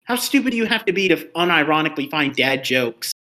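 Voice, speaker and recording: Podcast co-host, male, bright and fairly high voice, exasperated ranter. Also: big pitch swings, quick pace. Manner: ranting, exasperated. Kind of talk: casual review chat.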